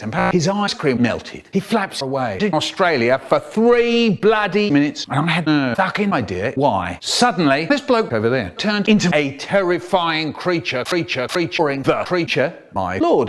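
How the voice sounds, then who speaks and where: Animated older storyteller man. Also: fairly high pitch, normal speed, few pauses. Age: 70s. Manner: animated, theatrical, leaps between voices. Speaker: children's storyteller. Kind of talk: spliced comic storytelling.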